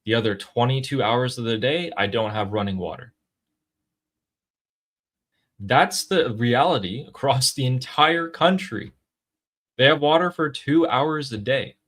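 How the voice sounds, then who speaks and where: A man's voice: mid-range voice, unhurried, pauses often, fairly bright tone. A man hosting a political commentary show, mocking and conversational. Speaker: host.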